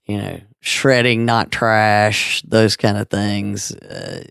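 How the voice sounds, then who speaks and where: A man co-hosting a podcast, talking in a relaxed, drawling way with frequent asides. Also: fairly low pitch, slow, vocal fry, smooth, dry recording, clean studio sound. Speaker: podcast co-host. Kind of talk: casual chat.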